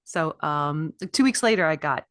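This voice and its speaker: A woman's voice: deep voice, lively intonation, moderate pace, fairly bright tone, dry recording, studio quality. A woman puppeteer, a guest in an interview, talking enthusiastically about her work. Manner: enthusiastic, with fillers and laughs. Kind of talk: casual interview chat.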